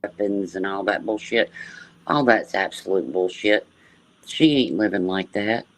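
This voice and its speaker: A low-pitched man heard in a played stream clip. He talks in a scoffing, accusatory way, brushing off another streamer's claims as lies. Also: measured pace. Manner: dismissive, accusatory talk. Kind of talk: livestream commentary clip.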